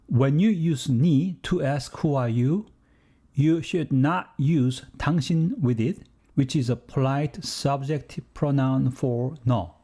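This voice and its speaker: Mellow-voiced man teaching a language lesson. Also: mid-range voice, slightly rough.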